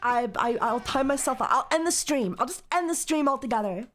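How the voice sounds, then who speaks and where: Woman streamer, a touch high-voiced, casual gameplay chat; crude, jokey, prone to loud mock rants. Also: expressive, a little fast. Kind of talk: casual live-stream chat while playing a game.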